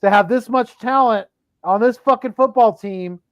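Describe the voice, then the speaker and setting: High-voiced man venting, dull dry sound. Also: normal speed, a bit bright, smooth, no echo. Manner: frustrated, profane venting. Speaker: podcast co-host. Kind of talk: casual sports chat.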